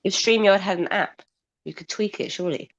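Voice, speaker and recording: A woman's voice: mid-range voice, fairly quick, muffled recording. A young woman from the Philippines, co-hosting a live-stream chat, talking expressively and swearing casually.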